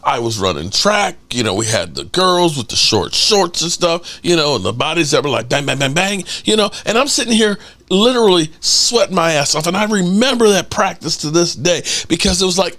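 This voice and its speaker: A middle-aged man hosting his own podcast, his voice a little higher than most men's. He tells a story in a loose, casual way, acting out what people said and swearing as he goes. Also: fairly quick, hardly any pauses. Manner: animated storyteller, acts out quotes, swears casually. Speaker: podcast host.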